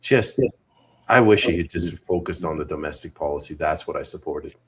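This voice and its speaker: A man co-hosting a podcast, giving measured, wry opinions on politics in casual conversation. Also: rumbling low, slight background noise. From Canada. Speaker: podcast co-host.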